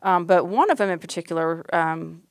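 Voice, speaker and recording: A woman's voice: on the low side, lively intonation, a little fast, no echo, studio quality. A middle-aged woman, an emergency room doctor, telling a story in conversation with frequent fillers and restarts. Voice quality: hesitant, many fillers and restarts.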